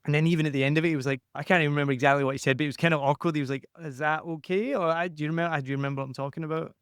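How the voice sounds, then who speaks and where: Man, podcast coach, energetic, smooth clear voice, mid pitch, dry close mic. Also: racing, no echo. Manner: energetic, acts out quotes in livelier voices. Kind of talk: conversational podcast audit.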